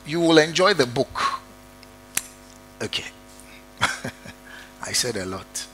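A man's voice: medium pitch, bright, forceful tone, a little hiss or hum, rough recording. A man preaching a sermon who stresses and repeats key words and speaks straight to his congregation.

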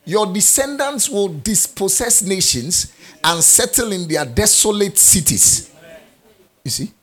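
Husky preacher man, lively, slow and emphatic. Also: a little high. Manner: emphatic, repeats key phrases, asks the congregation questions. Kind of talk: sermon.

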